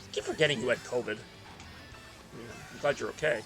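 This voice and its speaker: A young man streams a racing game, rambling casually between laps and reading chat aloud. His voice is medium-pitched, creaky and a bit bright, at normal speed, with faint music behind him.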